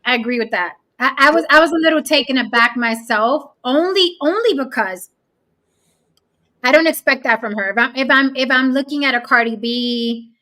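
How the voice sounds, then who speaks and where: A woman hosts a casual podcast, talking bluntly and swearing as she tells a story. Her voice is bright and a little sharp, sitting fairly high. She slips into quoted voices to make her point. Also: normal speed. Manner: blunt, profane, animated storytelling. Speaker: host.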